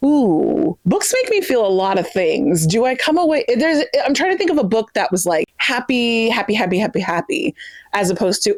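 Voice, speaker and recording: A woman's voice: medium pitch, very animated, normal speed, no room sound. A young woman chatting casually to camera about books, gushing and full of fillers. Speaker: book vlogger.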